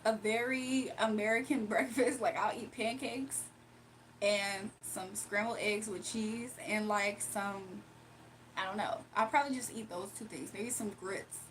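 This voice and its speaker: A woman's voice: medium pitch, fairly even intonation, unhurried, a bit bright, a little hiss or hum. A woman hosting a casual livestream from home, reading and answering viewers' chat with frequent laughs. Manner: chatty, laughs often, answers viewers directly. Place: home, early morning.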